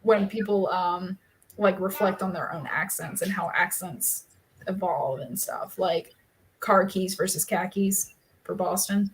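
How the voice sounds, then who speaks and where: A woman's voice: lowish voice, a little slow, slight background noise, poor audio. A woman co-hosting a casual live writing stream from home. She chats freely, laughs often and breaks off to scold her dogs. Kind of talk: casual chat.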